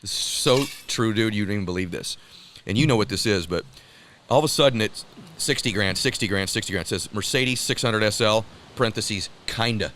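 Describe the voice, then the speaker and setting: Bright-voiced man telling a wild story. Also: fairly low pitch, fairly quick, slight background noise. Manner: excited, laughing, calls the listener brother and dude. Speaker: guest telling a personal story. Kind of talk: animated storytelling.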